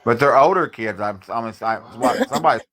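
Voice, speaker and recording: A man's voice: mid-range voice, animated, fairly quick, a bit bright, low-quality recording. A man from Indiana, talking in a rambling, hesitant way on a casual live stream, casually swearing. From Indiana, USA. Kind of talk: casual chat.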